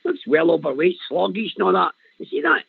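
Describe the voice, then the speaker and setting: Scottish caller, rambling and animated, gravelly, slightly high, dry phone line. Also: male voice, a little fast, dry recording. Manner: animated, rambling, laughs often, says "man" and "mate". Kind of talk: casual chat on a call-in show.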